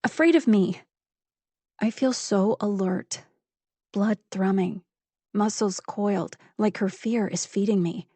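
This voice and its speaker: A woman's voice: medium pitch, slow, mellow, no echo. A woman narrating a first-person psychological thriller audiobook with intense, building fury.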